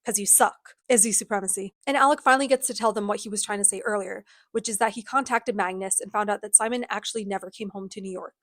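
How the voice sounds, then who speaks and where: A woman's voice: mid-range voice, fast, few pauses, a bit bright, no echo. A woman giving a sarcastic, dramatic recap of a book series, in casual chat. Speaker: book reviewer.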